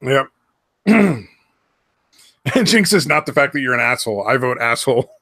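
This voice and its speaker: Bright, dry-sounding man rambling. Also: mid-range voice, animated, normal speed, no echo. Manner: rambling, swears freely, trails off. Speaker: podcast host. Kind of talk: casual chat.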